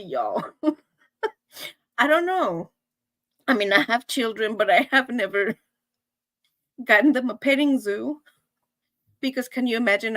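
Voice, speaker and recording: A high-pitched, middle-aged woman, chatting with viewers as host of her weekly live show. She giggles and laughs between almost every line. Her voice sounds close and dry, with no room echo. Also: fairly bright tone. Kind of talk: casual chat to viewers.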